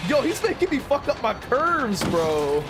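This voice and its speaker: A young man streaming a game, his voice high and bouncing all over the place. He talks in loose slang, swears freely and laughs a lot. Loud game music plays under him. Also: sing-song, measured pace. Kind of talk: casual live-stream commentary.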